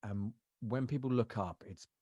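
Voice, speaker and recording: Guy, lowish voice, rambling stories w lots of fillers, dry close sound. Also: a little slow, mellow, husky, dry recording, highs cut off. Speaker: actor and voiceover artist, guest. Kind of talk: casual interview chat.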